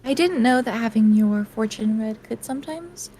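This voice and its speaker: A woman's voice: fairly high pitch, expressive, normal speed, warm tone, a little hiss or hum, rough recording. A woman player in a tabletop game, playful and a little stammering.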